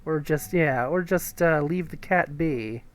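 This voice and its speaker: A man streams a story game live, reading its text and choices out loud and commenting in a chatty, amused way. His voice sits on the high side and his pace is measured, with faint music in the background.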